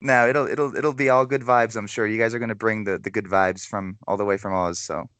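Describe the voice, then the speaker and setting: A man's voice: lowish voice, fairly even intonation, fairly quick, fairly bright tone, no echo. Chuckling male podcast host, dry sound. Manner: chuckling, stumbling over repeated words. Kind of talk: casual chat.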